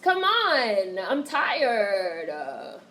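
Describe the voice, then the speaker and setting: A woman's voice: medium pitch, big pitch swings, extremely slow, bright, forceful tone, a little hiss or hum, low-quality recording. A woman livestreaming casual commentary and reading viewer chat, talking bluntly and animatedly with plenty of profanity.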